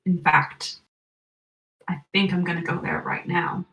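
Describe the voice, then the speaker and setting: A woman voicing a scheming male villain who experiments on people, speaking in a calm, patronizing way with a slightly hoarse throat. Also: lowish voice, unhurried, roomy sound, far from the mic, rough recording. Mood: calm menace. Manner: calm, patronizing, quietly menacing.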